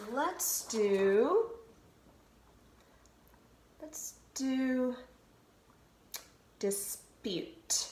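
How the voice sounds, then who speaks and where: Woman, elementary teacher, slow deliberate phonics delivery, animated intonation, roomy recording with faint hiss. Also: mid-range voice. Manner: slow, sounding out syllables and letters. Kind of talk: phonics lesson to children on video. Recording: roomy echo, faint noise.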